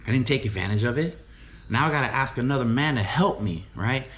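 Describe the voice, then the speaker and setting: A man's voice: mid-range voice, animated, fairly quick, fairly bright tone, a little hiss or hum. A middle-aged man giving an earnest, emphatic motivational talk about faith and recovery, often repeating phrases and asking "right?". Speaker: recovery home director and preacher.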